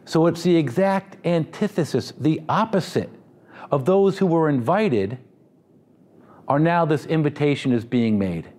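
A man's voice: fairly high pitch, expressive, a little slow, darkish tone. A man preaching a sermon in a conversational, humorous style, with asides to the congregation. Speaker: pastor.

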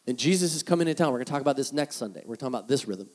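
A man preaching a sermon as the pastor, telling stories in an animated way and acting out the voices of people he quotes. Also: mid-range voice, rapid-fire.

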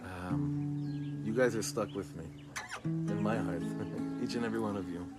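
Middle-aged male rabbi, meditation leader, gentle and halting delivery, birdsong and music behind. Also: fairly low pitch, lively intonation. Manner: gentle, halting, searching for words. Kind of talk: guided meditation with chanted melody. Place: outdoors among greenery with birds.

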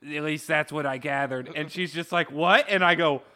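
Podcast guy with a bright voice, gets excited and jumps up telling stories. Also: on the high side, moderate pace. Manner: excitable, voice jumps up when retelling. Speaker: podcast co-host. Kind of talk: casual storytelling chat.

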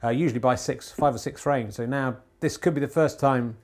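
Brief: male podcast host, dry ironic mock commentator, halting delivery full of "uh"s, home recording. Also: medium pitch. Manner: rambling, many filler pauses; deadpan ironic humour. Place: home TV room.

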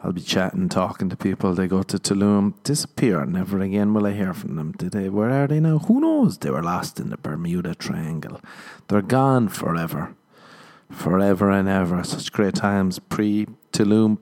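A man's voice: low-pitched, lively intonation, moderate pace, darkish tone. An Irish man hosting a solo comedy podcast, telling rambling self-mocking stories and acting out the dialogue. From Ireland. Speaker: podcast host.

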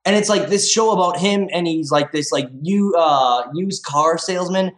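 A man's voice: on the high side, moderate pace, a little hiss or hum. A man who is a guest on a casual podcast, talking in a rambling, easygoing way with lots of fillers and swearing. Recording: roomy echoey sound.

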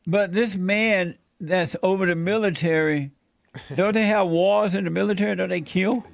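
A man's voice: sits high, normal speed, creaky, dry recording. A man hosting a talk radio show, bantering with his guests and laughing between lines.

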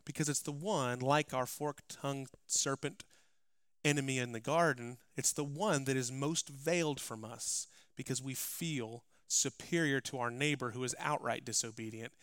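Bright, crisp preaching man. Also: medium pitch, normal speed, no room sound, clean studio sound. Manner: rises to loud, emphatic preaching, then drops to quiet asides. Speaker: pastor. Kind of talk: sermon. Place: church.

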